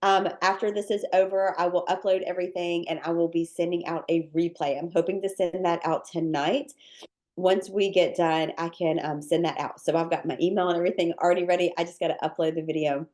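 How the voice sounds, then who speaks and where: A woman hosts a live cookie-class webinar over a video call, her slightly low voice thick and nasal from a cold. She chats casually, repeating her welcomes with plenty of ums and likes. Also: steady tone, brisk, darkish tone. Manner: upbeat, repeats welcomes, many fillers. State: congested with sinus drainage. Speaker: cookie decorating teacher hosting a live class.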